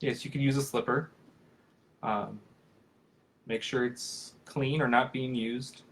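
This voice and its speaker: A man in his thirties answers questions about puppetry over a video call, his voice sitting at an ordinary middle pitch. He talks in a loose, friendly ramble, full of fillers and restarted sentences. It sounds like an informal live chat rather than a prepared talk. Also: steady tone, takes it slowly. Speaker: professional puppeteer.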